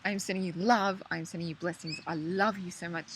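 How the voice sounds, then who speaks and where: A woman talking casually and warmly to camera, gushing and excitable, jumping from hushed whispers to high squeals. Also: fast, background noise. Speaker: spiritual vlogger. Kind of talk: casual heartfelt monologue to camera.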